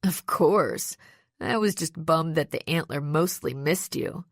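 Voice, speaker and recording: A woman's voice: low voice, measured pace, no echo, clean studio sound. A woman voicing a smug young male villain in an audiobook, speaking sarcastically and mockingly. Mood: sneering. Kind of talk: audiobook character voice.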